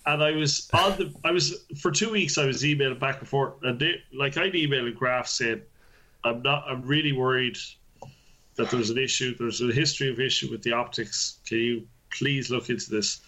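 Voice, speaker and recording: A man's voice: medium pitch, moderate pace, sharp tone. A man, a network engineer telling a story in casual chat, swearing and laughing as he goes.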